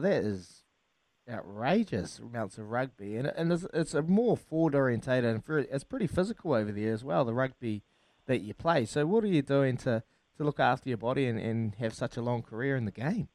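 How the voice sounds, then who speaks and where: A man's voice: medium pitch, lively intonation, brisk, a little mellow, dry recording. A man interviewing a rugby player, asking long, loosely worded questions and calling him mate. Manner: long rambling questions, calls the guest mate. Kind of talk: casual interview chat.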